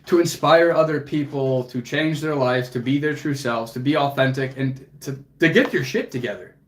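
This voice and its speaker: A young fitness coach hosts a livestream and speaks earnestly and emotionally to his viewers, mixing casual motivation with swearing. His voice is mid-range and his pace moderate, with slight background noise in the recording.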